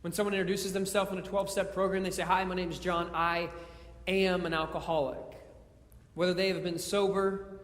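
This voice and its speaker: High-voiced preacher in an echoey church. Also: male voice, little pitch movement, fairly quick, a bit bright. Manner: conversational, joking preaching with stumbles and repeats. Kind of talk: sermon. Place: church sanctuary.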